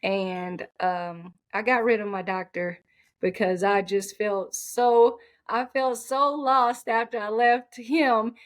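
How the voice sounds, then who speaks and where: A woman coach speaks as a podcast guest, telling her own story with candid feeling. Her voice sits in an ordinary middle pitch. She talks in a heartfelt, lively way. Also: slow pace. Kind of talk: personal storytelling in an interview.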